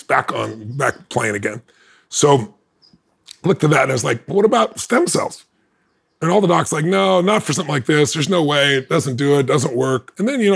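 Male guest, fast and emphatic, higher-pitched, acts out quotes. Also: creaky, breathy edge. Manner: acts out others' lines in changing voices; emphatic, laughs between lines. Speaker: podcast guest. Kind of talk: animated personal storytelling.

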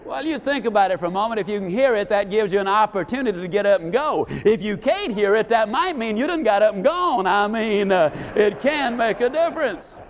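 A man giving a live motivational speech, folksy and animated, acting out quotes as he tells stories. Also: sits high, a little fast, few pauses, a little hiss or hum. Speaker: motivational speaker.

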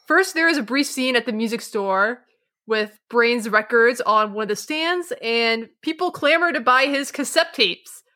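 A woman co-host retells a cartoon episode in an animated, chatty way, laughing as she goes. Her voice is bright and a little high. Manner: animated, laughing, does quick impressions. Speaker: podcast co-host. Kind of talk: casual episode recap.

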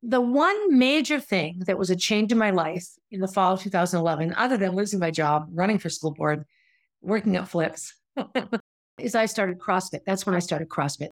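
A woman's voice: mid-range voice, normal speed, dry recording. A middle-aged woman hosting a podcast, telling her own story in a candid, conversational way and acting out what people said. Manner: candid and conversational, acts out quoted voices. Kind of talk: personal storytelling monologue.

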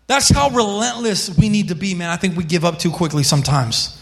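A man's voice: high voice, brisk. A male pastor preaching a sermon with passion, calling on people in the congregation by name. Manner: impassioned, calls on listeners by name. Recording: long hall reverb.

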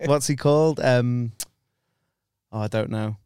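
A man talks in loose, rambling podcast banter, swearing freely and breaking into laughs. His voice is smooth and resonant, and the sound is dry and close, with no room around it. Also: mid-range voice, measured pace, warm tone, no room sound. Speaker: stand-up comedian, podcast guest. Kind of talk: casual banter.

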